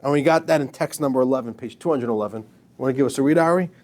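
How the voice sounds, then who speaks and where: A man's voice: mid-range voice, racing, darkish tone. A man, a rabbi, giving an informal, emphatic lecture to a class, joking with his students.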